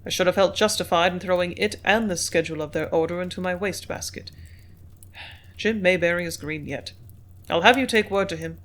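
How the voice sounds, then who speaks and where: A steady, businesslike male manager in an audiobook, measured and composed as he dictates. A reader voices him in a plain reading voice with a middle pitch. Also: natural voice. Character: business-minded company manager, man.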